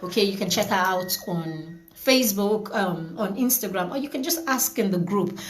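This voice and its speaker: A woman's voice: mid-range voice, moderate pace. Chatty woman hosting an online class. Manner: chatty, greets viewers by name, repeats words. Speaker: parenting class host. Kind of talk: live online class wrap-up.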